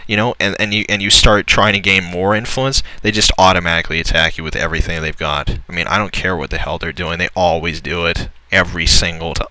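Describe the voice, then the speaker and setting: A man's voice: deep voice, steady tone, quick pace, few pauses, bright, forceful tone, dry recording, rough recording. A young man commenting on a strategy game as he plays, grumbling and swearing at the computer opponents. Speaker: let's player. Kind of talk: gameplay commentary.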